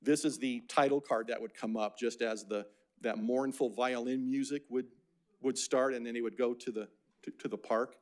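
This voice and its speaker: A man's voice: mid-range voice, fairly even intonation, moderate pace. An older man from Phoenix giving a casual, anecdotal lecture about slides, with many fillers and restarts. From Phoenix, Arizona.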